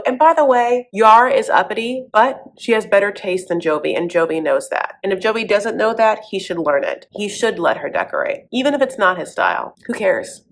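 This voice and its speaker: Sarcastic woman host, sassy recap commentary, mid-pitched, calls everyone honey. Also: very animated, brisk, few pauses. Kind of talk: comedic commentary.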